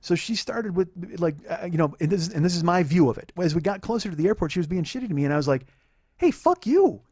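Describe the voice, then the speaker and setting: A man's voice: a little high, rapid-fire, a little mellow, slightly rough, dry recording, studio quality. A man in his forties hosting a podcast, telling a personal story in a heated, profane, rambling monologue. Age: 40s. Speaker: podcast host.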